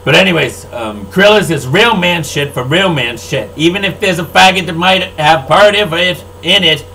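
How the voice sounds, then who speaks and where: An older man who owns a record label, delivering an angry, profane, rambling monologue that swings between loud outbursts and low mutters. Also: moderate pace, a little hiss or hum, low-quality recording.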